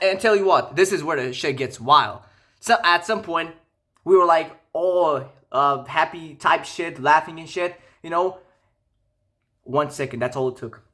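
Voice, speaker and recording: A young man telling a casual, profane storytime rant, animated and incredulous. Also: a little high. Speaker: vlogger.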